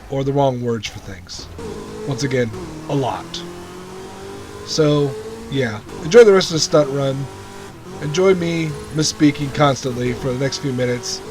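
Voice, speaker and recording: A man hosting his own gaming channel, talking casually over gameplay, chatty and self-mocking with frequent laughs. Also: a little high. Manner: lively sing-song show intros.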